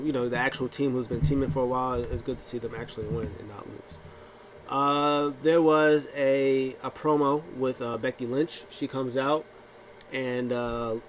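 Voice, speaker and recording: A man talks through a wrestling episode in a loose, offhand way, stumbling over restarts and fillers. His voice sits at an ordinary mid pitch, with a faint hiss of noise underneath. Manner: rambling with many fillers and restarts; acts out quotes in funny voices. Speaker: wrestling recap vlogger. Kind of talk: casual recap talk.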